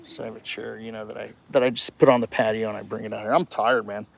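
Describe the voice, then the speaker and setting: A man casually livestreaming from a residential street, cheering a child on and rambling with halting restarts into his phone. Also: fairly low pitch, fairly even intonation, vocal fry. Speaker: vlogger livestreaming. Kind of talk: casual live-stream chat.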